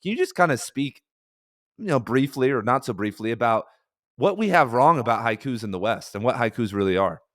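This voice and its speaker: A man's voice: mid-range voice, lively intonation, fairly quick, a bit bright, dry recording, clean studio sound. Hyped-up casual podcast host, man. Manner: enthusiastic, slangy, hyped.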